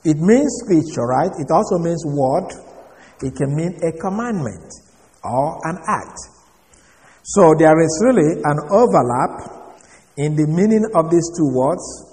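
A man teaching the Bible in sermon style, deliberate and methodical, spelling words out letter by letter. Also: on the high side, lively intonation, darkish tone. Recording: reverberant hall recording.

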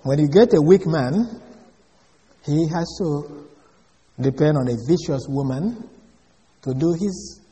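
A man's voice: fairly high pitch, slow pace, long pauses, warm tone. A man preaching a sermon in an emphatic way, often putting questions to his listeners. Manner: emphatic, asks the audience questions. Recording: echoey hall.

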